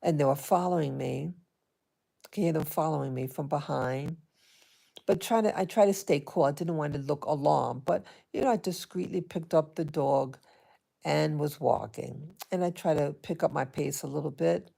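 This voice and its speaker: Deep, gravelly woman vlogger. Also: mellow. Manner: hesitant, halting, with many restarts. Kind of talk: casual personal storytelling to camera.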